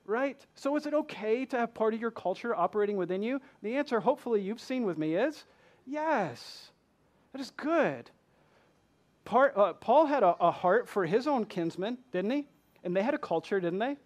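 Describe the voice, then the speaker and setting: A pastor from Michigan with a Southern accent preaches a fervent sermon in church, his voice sitting high as he fires rhetorical questions at the congregation.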